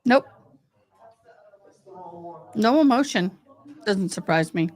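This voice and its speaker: A woman's voice: mid-range voice, lively intonation, slow pace, darkish tone. A middle-aged woman hosting a livestream, giving blunt, chatty commentary on a court hearing straight to her viewers. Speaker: livestream host. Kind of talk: casual live commentary on a court stream.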